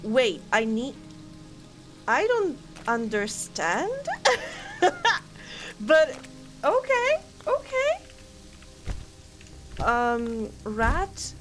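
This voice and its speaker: A woman with a high-pitched, slightly bright voice streams a game, chatting casually, thinking out loud and giggling often, with clear game music playing underneath.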